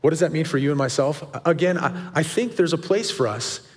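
A male guest pastor preaching earnestly to a men's group. He asks a lot of questions and lifts his pitch sharply for emphasis. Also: animated, fairly quick, in a large hall.

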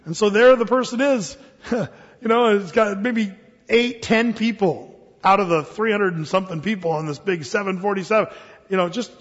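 A man preacher telling a sermon story, dramatic and shifting between hushed and emphatic delivery. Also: high voice, lively intonation, normal speed, in a large hall, highs cut off.

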